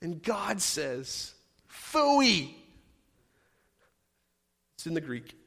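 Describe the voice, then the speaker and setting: A male pastor with a notably high voice delivers a sermon, driving his points home through repeated, rhythmic phrases. His voice rings out with a long reverb in a large church hall. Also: a little slow, fairly bright tone. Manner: emphatic preaching with repeated building phrases. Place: church sanctuary.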